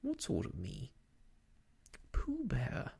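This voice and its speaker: A soft-spoken reader voicing a cheerful, simple, greedy male bear in whispered role-play. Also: mid-range voice, wildly swooping pitch, gravelly, slightly rough, exaggerated voice. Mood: puzzled. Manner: hums, slow and simple-minded.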